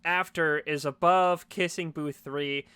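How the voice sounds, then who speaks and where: Bright, crisp young man chatting. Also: a little high, steady tone, slow, no echo. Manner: jokey, acts out characters in raised voice. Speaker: podcast host. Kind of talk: casual chat.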